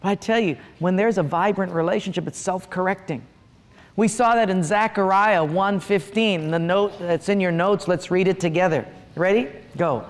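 Delivering a sermon, a middle-aged man serving as pastor uses a high voice and a moderate pace. Humor runs through his storytelling, with playful tales and lively asides, all carried by the long reverb of a large hall.

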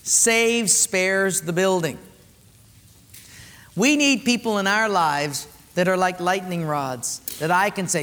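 A male pastor with a high, bright-pitched voice preaches in a church. He tells animated stories with playful sound effects. His voice carries a long, echoing reverb from the hall. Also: a little slow. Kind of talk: sermon.

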